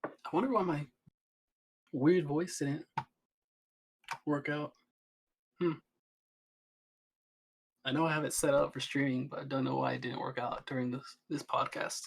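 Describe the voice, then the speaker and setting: A man's voice: mid-range voice, level tone, a little slow, vocal fry, long pauses, husky. A young man chatting as a podcast guest, rambling with many restarts and fillers. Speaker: guest streamer. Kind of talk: casual podcast chat.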